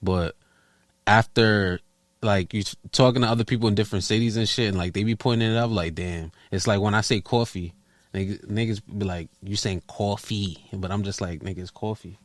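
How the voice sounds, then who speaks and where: A man's voice: on the low side, a little fast, no echo. A man from New York City with a New York accent, co-hosting a podcast in casual chat and acting out little quoted bits. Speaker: podcast co-host.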